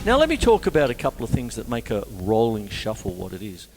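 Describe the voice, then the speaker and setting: A chatty Australian man gives a drum lesson, and his pitch swings up and down as he rambles and counts out triplets. His voice rings with a long reverb, with drum music heard behind him. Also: huge pitch swings, fast, darkish tone. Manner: chatty, rambling, counts beats aloud, keeps saying "you see". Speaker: drum teacher.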